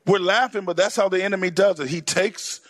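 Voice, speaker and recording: A man pastor preaching a sermon through animated storytelling, with shouted punchlines and laughter along the way. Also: high voice, brisk.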